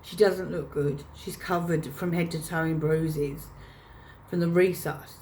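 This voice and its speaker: Woman vlogger, low-voiced, choked up, replaying her own past words. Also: steady tone, a little slow, a little mellow, slight background noise. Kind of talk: personal storytelling to camera.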